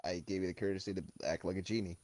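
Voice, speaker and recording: A man's voice: low-pitched, steady tone, racing, a little mellow, no room sound. A man playing a tabletop game over voice chat, speaking in character and joking. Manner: joking, laughing often. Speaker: player.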